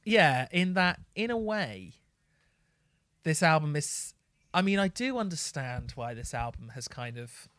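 A man's voice: fairly high pitch, sing-song, unhurried, fairly bright tone, no echo, studio quality. A man co-hosting a podcast, reflecting in casual chat with asides and fillers. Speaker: podcast co-host.

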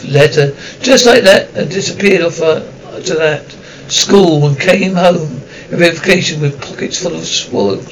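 A man voicing a shrill, spiteful middle-aged woman ranting resentfully in an audiobook. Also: animated, a little slow, hardly any pauses, recorded from a distance, low-quality recording. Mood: bitter. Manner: shrieking, resentful rant.

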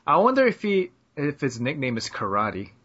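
A man's voice: mid-range voice, wildly swooping pitch, normal speed, fairly bright tone, slightly rough. Joking young male podcast host, lo-fi. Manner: loose and joking, lots of "uh" and "like". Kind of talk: casual chat. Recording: slightly muffled lo-fi audio.

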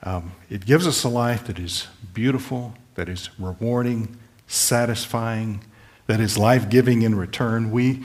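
Male pastor, lower-pitched, earnest sermon delivery with pleading appeals. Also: measured pace. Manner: earnest, pleading, rephrases verses plainly.

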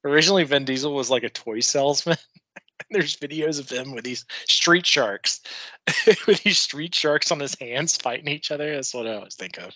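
Young man, podcast co-host, bright forceful voice, dry lo-fi mic. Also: fairly high pitch, lively intonation, normal speed, no echo. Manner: opinionated, profane, chuckling. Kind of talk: casual podcast chat.

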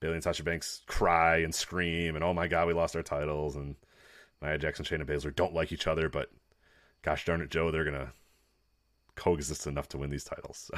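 A man co-hosting a casual wrestling review podcast, ranting with profanity and mocking announcers in shrill put-on voices. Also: level tone, normal speed, a bit bright, dry recording, studio quality. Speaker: podcast co-host.

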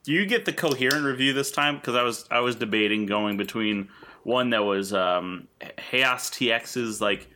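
A man's voice: mid-range voice, normal speed, pushed and bright, a little hiss or hum. A man co-hosting a podcast in casual, jokey, self-deprecating chat. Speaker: podcast co-host.

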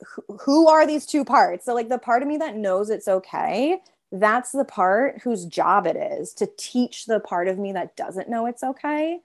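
A woman therapist in easy, conversational talk, leaning on "like" at every turn. Her pitch sits at an ordinary middle. She slips into quick little voices for the parts of herself she describes. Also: darkish tone. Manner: chatty, heavy use of filler "like". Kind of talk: casual interview conversation.

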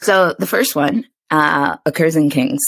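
A woman with an American accent hosting a podcast, chatting casually, laughing easily and telling stories in an animated way. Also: low voice, unhurried, vocal fry, dry recording. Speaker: podcast host. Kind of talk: casual chat.

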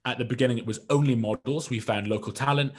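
A man's voice: medium pitch, fairly even intonation, fast, slightly rough. A man from the United Kingdom, a guest entrepreneur, telling his story in a self-deprecating, rambling way. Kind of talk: casual storytelling in an interview.

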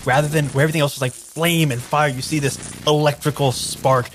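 A man's voice: on the high side, steady tone, brisk, noisy background. A man running a tabletop game as game master, describing the scene eagerly for the players.

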